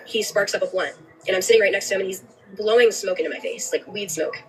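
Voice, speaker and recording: A young woman giving a personal account on a livestream, earnest, with frequent halting restarts. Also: medium pitch, distant mic, slight background noise, poor audio. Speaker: livestreamer telling her story.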